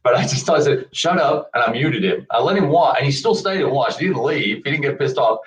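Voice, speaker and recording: A man's voice: mid-range voice, expressive, brisk. A man co-hosting a podcast who tells a story in a laid-back way, heard over a dull, distant line. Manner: laid-back, laughs while telling stories. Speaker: podcast co-host. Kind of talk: casual storytelling.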